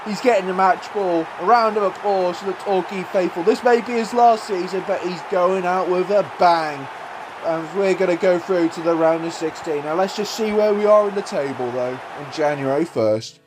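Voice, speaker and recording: A young man commentating on his own football video game match, swinging from muttered play-by-play to shouted excitement. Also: high-pitched, normal speed, background noise. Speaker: gaming YouTuber.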